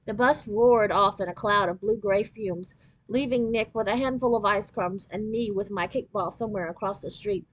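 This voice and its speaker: A woman reading a children's novel aloud in an expressive storytelling voice. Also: medium pitch, normal speed, low-quality recording.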